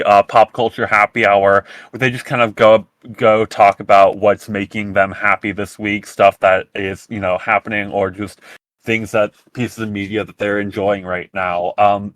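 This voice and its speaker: A man hosting a casual podcast chat, rambling with halting restarts. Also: fairly low pitch, flat delivery, fairly bright tone, no room sound. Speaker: podcast host.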